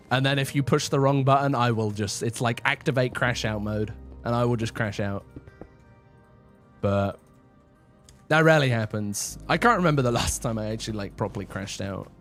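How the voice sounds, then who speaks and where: A young man chatting casually on a livestream in a rambling, chatty, self-deprecating way. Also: medium pitch.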